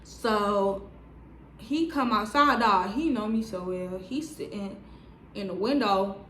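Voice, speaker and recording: A woman in her twenties telling a story on her vlog in a lively, slangy way, full of "like" fillers. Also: mid-range voice, slow pace, reverberant, a little hiss or hum. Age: 20s. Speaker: vlogger. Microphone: on-camera mic.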